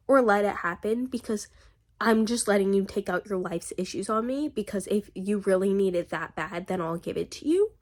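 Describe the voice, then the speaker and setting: A woman talks straight to camera in a casual diary vlog, venting at length. Her delivery is animated and ranting, packed with "like" and "literally". She is still getting over being sick, and her pitch sits in the middle of the range. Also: normal speed. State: recovering from illness. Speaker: vlogger.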